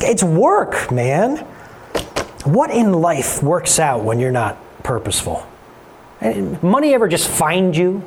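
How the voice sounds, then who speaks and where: A man delivering a lively sermon, his slightly high voice rising and falling all over as he talks straight to the room. He keeps it conversational and animated, pulling the congregation along with him. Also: a little hiss or hum. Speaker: pastor.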